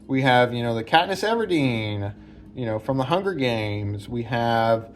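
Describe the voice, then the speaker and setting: Here the home-based film analysis host sounds expressive, keeping a measured pace in his mid-range voice. He casually dissects the film's characters, rambling with frequent fillers and false starts, as branches knock against the roof overhead.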